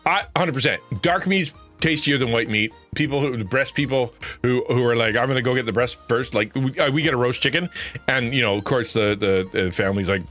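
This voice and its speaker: A man streaming and chatting casually with viewers, rambling and correcting himself, often jumping up into an excited high voice. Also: a little fast, faint music behind. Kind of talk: casual chat.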